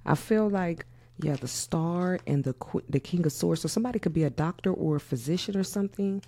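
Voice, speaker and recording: A woman with a dark, gravelly voice talks her way through a tarot spread in a loose, musing way. She keeps saying "yeah" and swears now and then without any fuss. Her tone stays mellow and relaxed. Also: fairly low pitch, brisk. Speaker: tarot reader. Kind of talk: casual tarot reading.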